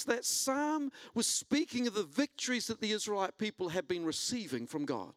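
A man preaching a sermon, telling a personal story and building to an animated delivery. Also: normal speed, few pauses, dry recording. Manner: storytelling, rising in pitch and intensity when preaching. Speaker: pastor.

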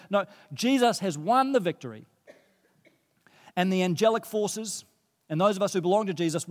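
A man preaching a sermon in an earnest, emphatic way, building points through repetition and lists. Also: sits high. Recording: long hall reverb.

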